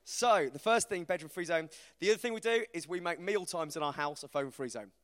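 A man, giving an informal, self-deprecating talk to a church group, animated as he tells stories. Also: a little high, fairly quick. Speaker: preacher. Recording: reverberant hall.

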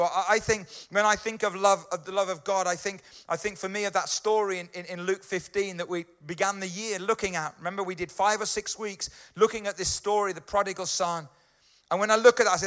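A man preaching a friendly, chatty sermon in a fairly high voice, pausing to check in with his listeners. His tone is bright and forward. He sounds middle-aged. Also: fairly even intonation. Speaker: pastor. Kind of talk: conversational sermon.

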